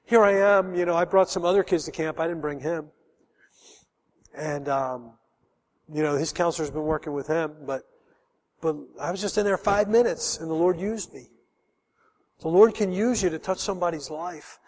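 A man's voice: a little high, normal speed, long pauses, long reverb tail. A middle-aged man preaching a sermon as pastor, telling a personal story in an earnest, emotional way.

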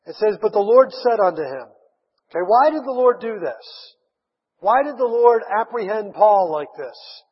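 A man preaching a sermon, retelling a Bible story with lively acted-out voices. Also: high voice, normal speed, slightly rough. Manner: animated storytelling, acts out voices of Bible figures. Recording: dull sound with long hall reverb.

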